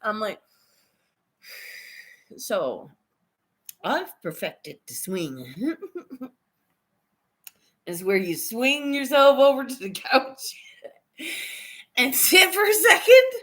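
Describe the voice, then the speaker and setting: Giggly, bright-voiced woman telling stories. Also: high-pitched, extremely slow, long pauses. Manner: giggly, swears a lot, animated storytelling. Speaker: livestreaming vlogger. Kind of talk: casual storytelling chat.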